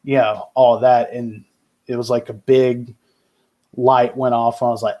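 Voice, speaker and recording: A man speaking as a guest on a casual podcast, telling stories in a relaxed, rambling way. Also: medium pitch, unhurried, lo-fi sound. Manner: relaxed and rambling, with many fillers. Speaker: podcast guest, firearms instructor.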